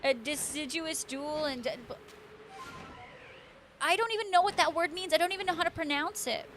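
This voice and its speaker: A woman's voice: high voice, normal speed, fairly bright tone, a little hiss or hum. A woman hosting a live stream, chatting casually with viewers, laughing often and answering them by name. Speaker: livestream host.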